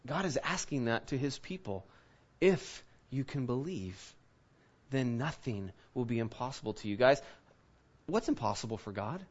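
Speaking at a moderate pace, this pastor has a husky, medium-pitched voice with lively intonation, though the recording's highs are cut off. In his sermon he tells a personal story conversationally, performing the quoted lines.

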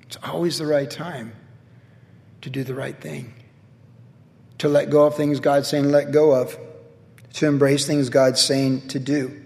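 A man's voice: medium pitch, level tone, a little slow, vocal fry, pauses often, darkish tone, big-room sound. A middle-aged man preaching a sermon as a pastor, telling a personal story in a casual, self-deprecating way.

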